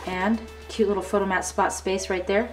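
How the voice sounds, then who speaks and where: A woman's voice: mid-range voice, fairly even intonation, moderate pace. A woman hosting a crafting tutorial, gushing and chatty as she shows off her work in a casual demonstration. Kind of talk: casual show-and-tell demonstration. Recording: slightly distant mic with faint background music.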